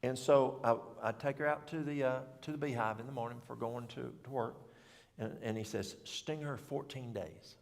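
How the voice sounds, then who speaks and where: A man's voice: mid-range voice, flat delivery, normal speed, vocal fry. A middle-aged man giving an informal health talk at a church, rambling in a folksy way and correcting himself as he goes. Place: church hall. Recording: long hall reverb.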